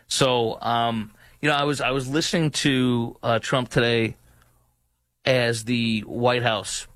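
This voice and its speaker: A man hosting a talk show, delivering heated political commentary in an indignant, mocking tone that now and then rises to a shout. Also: lowish voice, dry recording.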